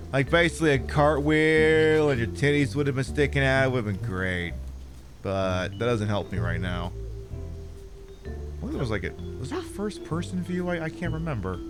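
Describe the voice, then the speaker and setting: A man playing a game on stream, muttering sarcastic, swearing commentary to himself. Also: fairly high pitch. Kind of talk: casual gameplay commentary.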